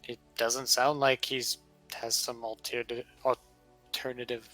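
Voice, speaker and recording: Bright-voiced man running a tabletop game. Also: medium pitch, a little slow, faint music behind, rough recording. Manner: relaxed, steady narration with fillers. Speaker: game master.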